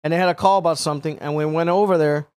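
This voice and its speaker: A man's voice: on the high side, steady tone, very fast, a little mellow. A man telling a rambling, profane story in casual podcast chat, laughing as he goes and imitating the people in it. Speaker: guest storyteller.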